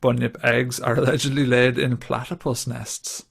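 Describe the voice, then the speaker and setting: Host: English man, very gravelly voice, flat delivery, casual podcast chat. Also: medium pitch, moderate pace. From England. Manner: chatty, laughs easily, reads notes aloud.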